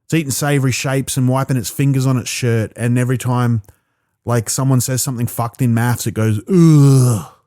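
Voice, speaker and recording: A man's voice: medium pitch, flat delivery, a little mellow. Rambling, profane man doing stand-up. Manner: rambling, profane storytelling with quick asides. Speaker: stand-up comedian. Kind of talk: stand-up routine performed alone. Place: small room.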